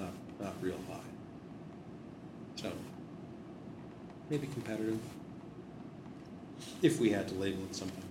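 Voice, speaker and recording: A man casually explaining old stories in a rambling, digressive and wry way. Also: on the low side. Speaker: host discussing memorial plaques. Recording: roomy echo with background noise.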